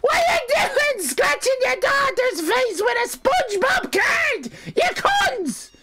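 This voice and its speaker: A man putting on the voice of his scolding, exasperated wife, shrieking and shouting. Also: very high-pitched, sing-song, takes it slowly, heavy background noise, voice pushed up, exaggerated voice. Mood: shrill scolding.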